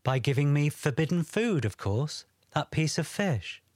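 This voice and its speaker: A man voicing a gentle, shy young woman freed from a spell, speaking softly in an audiobook. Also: a little high, very animated, measured pace, no echo, studio quality. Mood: explaining. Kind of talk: audiobook character reading.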